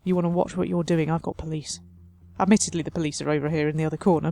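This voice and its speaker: A woman's voice: low voice, level tone, rapid-fire, creaky, warm tone, slight background noise. A woman hosting a city-building let's play, chatting wryly and talking to her simulated residents as she builds. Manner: chatty, wry, talks to her sims. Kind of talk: casual game commentary.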